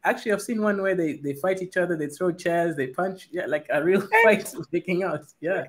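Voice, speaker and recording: A man's voice: high-pitched, moderate pace. A man joining a podcast panel as a guest, asking curious questions and laughing easily. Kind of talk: casual panel chat.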